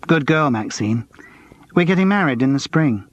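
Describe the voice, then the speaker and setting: A man's voice: a little high, expressive, normal speed, dull audio, natural voice. A man reading an audiobook, voicing a young male escort and out-of-work actor who talks in a breezy, cheeky, gossipy way.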